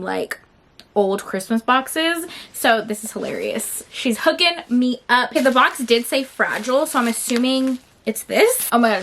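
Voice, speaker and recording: Bubbly woman with a high voice. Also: a bit bright, a little hiss or hum. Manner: gushing and enthusiastic, repeats phrases. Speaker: book channel host. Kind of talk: casual vlog unboxing chat.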